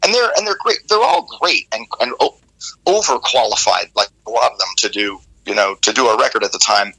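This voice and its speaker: A rock singer in an interview, telling rambling, animated stories with many restarts. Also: male voice, medium pitch, a little fast, vocal fry, slightly rough, rough recording. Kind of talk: casual interview storytelling.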